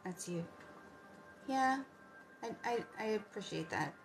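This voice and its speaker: Fifties woman, gravelly, chatty livestream host answering comments from home. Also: medium pitch, expressive, unhurried, soft background music. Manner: chatty, reads and answers viewer comments, drifts into soft asides. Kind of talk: casual late-night livestream chat.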